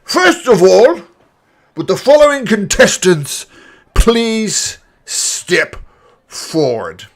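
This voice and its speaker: A man's voice: high-pitched, sing-song, extremely slow, voice pushed up, exaggerated voice. A man voicing an elderly male orc announcer who makes grand, ceremonious proclamations to a crowd. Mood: grandiose. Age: older.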